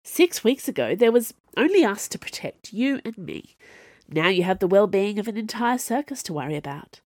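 A woman voicing a calm, knowing retired woman assassin in an audiobook, speaking gently. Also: mid-range voice, normal speed, dry recording, clean studio sound.

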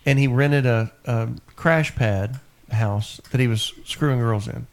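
A man's voice: medium pitch, unhurried. A man hosting a radio show, joking around in casual, bawdy banter. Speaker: radio host.

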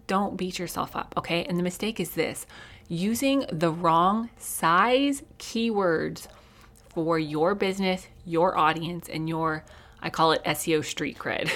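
A woman's voice: lowish voice, a bit bright. Upbeat folksy woman with a Southern accent. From Colorado, USA. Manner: folksy and upbeat, laughs often. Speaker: podcast host. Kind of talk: casual solo podcast talk.

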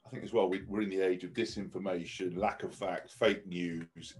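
A man's voice: sits low, steady tone, normal speed, darkish tone, husky. A man speaking as a podcast guest, blunt and outspoken, swearing freely and often restarting his sentences. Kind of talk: casual podcast conversation.

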